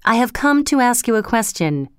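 A woman's voice: on the high side, sing-song, normal speed, clean tone, dry recording, clean studio sound, voice pushed up. A woman voicing a proud, bold king in a commanding storybook reading.

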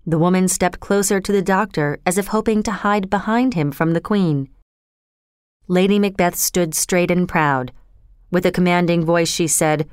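A woman narrating a story in a slow, clear, measured reading manner. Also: on the low side, dry recording, clean studio sound.

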